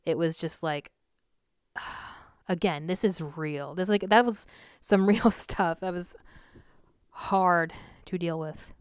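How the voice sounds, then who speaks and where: A woman with a lowish, smooth, clear voice talks through a film's story in a loose, chatty way. She rambles, restarts sentences and sighs often. The sound is dry and close, with no room echo. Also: slow pace, long pauses, darkish tone. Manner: rambling, many fillers and restarts, audible sighs. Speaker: film reviewer. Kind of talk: casual spoken movie recap.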